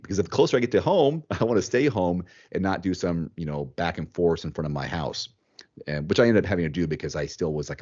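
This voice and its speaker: Podcast host, male, low voice, animated and chatty, dull lo-fi sound. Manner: animated, thinks aloud, repeats words. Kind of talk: casual chat.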